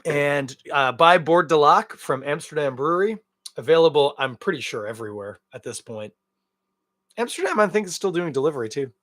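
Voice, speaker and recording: A man's voice: on the high side, a little fast, no echo. Rambling, jokey man hosting a podcast. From Canada. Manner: rambling, jokey and animated, with big swings in loudness. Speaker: beer podcast host. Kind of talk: casual solo podcast chat.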